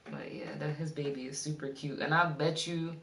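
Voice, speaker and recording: A woman's voice: sits low, steady tone, moderate pace. A woman from Maryland chatting casually on a livestream, teasing and laughing often. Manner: loose, teasing, laughs often, reads chat aloud. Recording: echoey room, far from mic, faint noise.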